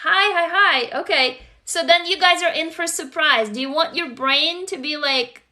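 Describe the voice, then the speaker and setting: Speaking at normal speed in a very high-pitched voice that sounds pushed and bright, a Russian woman and native Russian speaker hosts a casual stream. She's blunt but affectionate toward viewers, greets commenters, and sometimes swears.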